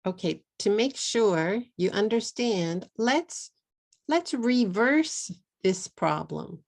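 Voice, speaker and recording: A middle-aged woman from Texas with a Texan accent, teaching an online English lesson in a slow, deliberate way and slipping into Japanese at times. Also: mid-range voice, animated, gravelly, darkish tone. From Texas, USA.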